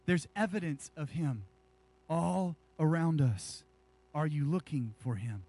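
A male pastor delivers a lively sermon to his church. His voice sits notably high for a man, and he preaches with animated energy, joking with the congregation between scripture readings. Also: slow pace.

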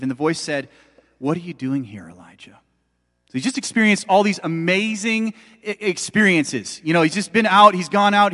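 This middle-aged pastor's voice sits high, pushed and bright, echoing with long hall reverb. He preaches in a conversational, emphatic manner, speaking right to the congregation.

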